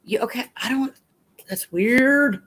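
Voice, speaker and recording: Woman, stream host, rambling casual chat at home with a baby around, reads comments out loud. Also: on the high side, takes it slowly, slightly rough.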